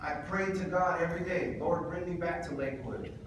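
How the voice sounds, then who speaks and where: A Pacific Islander man with a fairly high voice addresses an audience at a community event in a large, echoing indoor hall, talking a little fast. Like a preacher, he jokes and calls out to the crowd, heard from some distance from the mic over steady background noise.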